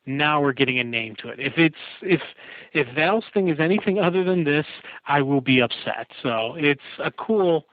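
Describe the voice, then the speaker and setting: A man's voice: on the high side, expressive, moderate pace, dry recording. A man co-hosting a casual podcast, recapping at length with light laughs. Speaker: podcast co-host. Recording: tinny phone-line sound.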